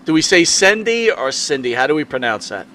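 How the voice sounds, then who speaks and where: A man hosting a wrestling talk show, praising guests warmly and steering the chat. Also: medium pitch, expressive, fast talker, slight background noise. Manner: warm, effusive toward guests.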